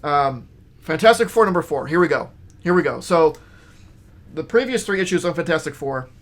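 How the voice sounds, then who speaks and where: Man, slightly high voice, casual comic review chat, rambling, enthusiastic, lots of filler words. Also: expressive, moderate pace. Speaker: comic shop video host.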